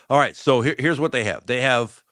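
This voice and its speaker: A man's voice: medium pitch, measured pace, fairly bright tone. A man co-hosting a sports talk show, debating football casually and thinking aloud with frequent restarts.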